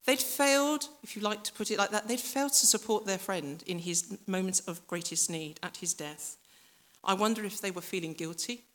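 A woman's voice: medium pitch, a bit bright. A woman preacher giving a reflective, conversational sermon that speaks directly to the listeners and acts out voices from the story.

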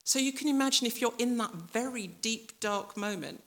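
A woman's voice: on the high side, moderate pace, a bit bright. A woman preacher giving a reflective, conversational sermon that speaks directly to the listeners and acts out voices from the story.

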